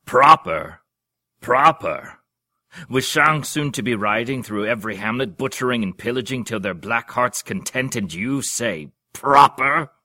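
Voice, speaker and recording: A man's voice: sits low, unhurried, a bit bright. A man doing a roaring old warrior duke. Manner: roaring, blunt. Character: gruff old burly duke, blustering warrior.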